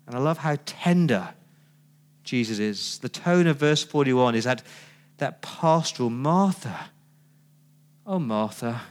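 A man's voice: medium pitch, measured pace. A man giving a sermon as pastor, telling the story conversationally with rhetorical questions.

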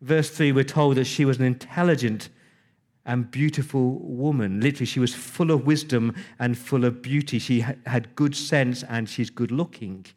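A man's voice: medium pitch, moderate pace, darkish tone. A man preaching a sermon, retelling scripture conversationally with emphatic repetition.

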